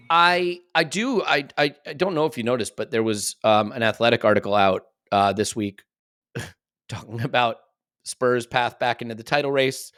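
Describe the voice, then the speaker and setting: A man's voice: medium pitch, a bit bright, dry recording, clean studio sound. A man from the United States hosting a podcast, talking casually in a rambling way with self-deprecating asides. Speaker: podcast host.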